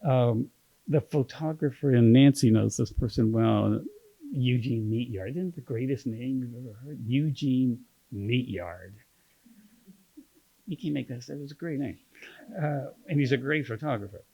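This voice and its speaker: A man's voice: medium pitch, moderate pace, creaky, slightly rough, highs cut off. A man with a Kentucky accent reading his poetry at a book launch, chatting and joking with the audience between poems. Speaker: poet and magazine editor reading at a book launch. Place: literary center event room.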